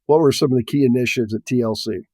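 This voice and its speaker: A man's voice: mid-range voice, very fast, a little mellow, no echo. A man hosting a casual interview, asking short, encouraging questions. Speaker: podcast host.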